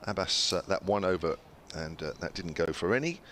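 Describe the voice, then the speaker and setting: A man calls cricket ball by ball in an easy, chatty way, and his voice sits very low. He pauses often on little fillers between deliveries, and a faint hum of the ground stays behind him. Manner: relaxed, chatty, frequent "uh" fillers. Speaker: cricket commentator. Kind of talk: ball-by-ball radio commentary.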